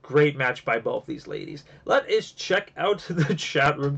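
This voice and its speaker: A man's voice: fairly high pitch, lively intonation, measured pace, vocal fry, few pauses, a bit bright, husky. A man hosting a casual wrestling review show, rambling with lots of fillers and restarts, and getting emotional at times. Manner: gets emotional and teary. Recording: dull lo-fi home recording.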